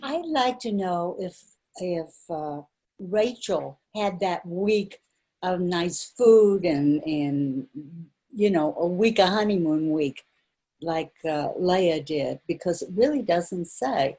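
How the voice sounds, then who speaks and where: Woman study group member, low-pitched, husky, slow and tentative. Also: lively intonation, dark tone. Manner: tentative, searching for words. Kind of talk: asking a question in a group.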